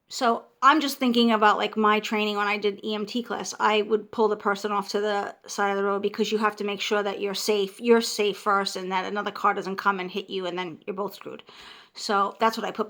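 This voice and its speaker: A woman, telling a story casually to her viewers in an animated, emotional way, often restarting her sentences. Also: mid-range voice, normal speed. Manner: animated, emotional, frequent restarts and self-interruptions. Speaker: vlogger.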